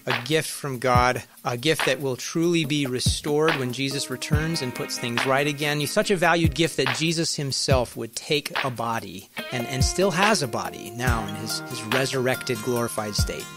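A man's voice: mid-range voice, moderate pace, hardly any pauses, music in the background. Earnest man hosting a faith podcast. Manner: earnest, leads the discussion. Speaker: podcast host. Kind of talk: Bible discussion podcast.

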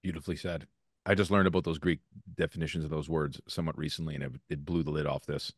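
A man's voice: very deep voice, steady tone, fast, slightly rough, no echo, clean studio sound. A man hosting a podcast, speaking earnestly about personal experience. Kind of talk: casual podcast discussion.

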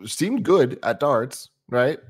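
A man's voice: medium pitch, expressive, slow, breathy edge. Hesitant man chatting about a film. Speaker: podcast co-host. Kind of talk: casual chat.

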